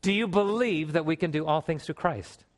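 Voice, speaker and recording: A man preaching a sermon to a congregation, animated, with emphatic rises and calls for response in a church. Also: on the high side, moderate pace. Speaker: pastor.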